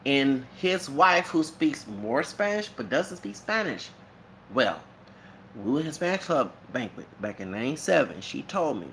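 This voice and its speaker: At normal speed and medium pitch, a man from Texas who makes YouTube videos chats through a loose monologue over a slight hiss or hum. He's animated and rambling, laughing frequently and drifting into asides.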